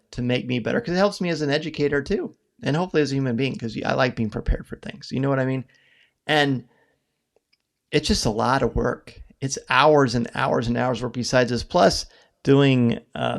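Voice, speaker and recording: A middle-aged man hosting a live podcast stream, talking earnestly and haltingly, choked up at times. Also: mid-range voice, creaky. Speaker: podcast host. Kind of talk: emotional live-stream farewell talk.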